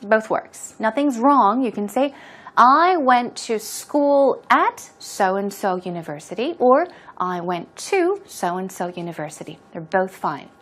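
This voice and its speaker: Slow, lively-voiced woman teaching English. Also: on the high side. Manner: patient, explains words and stress step by step. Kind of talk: explaining a dialogue in an English lesson.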